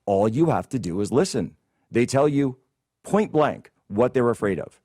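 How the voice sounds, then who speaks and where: A man's voice: medium pitch, animated, moderate pace, warm tone, dry recording, studio quality. A man hosting a political commentary show, ranting in a combative, indignant way. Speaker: host.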